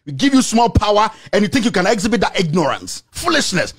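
High-pitched ranting Ghanaian man. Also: very animated, quick pace, husky. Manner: shouting, insulting, repetitive tirade. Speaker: political commentator. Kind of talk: angry rant to camera.

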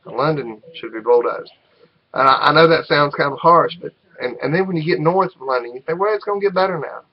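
A man's voice: on the high side, a little fast, highs cut off. A middle-aged man with a North Carolina accent, talking unscripted to the camera in a rambling, hesitant way, full of ums and restarts. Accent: North Carolina Southern US. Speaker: vlogger.

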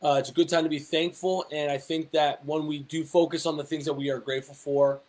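Upbeat male fitness coach, slightly high voice. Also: little pitch movement, a little fast. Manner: conversational, many fillers and rhetorical questions. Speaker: fitness coach and personal trainer. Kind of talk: casual motivational talk to camera.

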